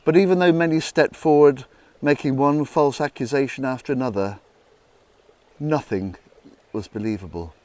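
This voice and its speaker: A man's voice: normal speed, no room sound. Man narrating a Bible story dramatically. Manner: dramatic, hushed low passages.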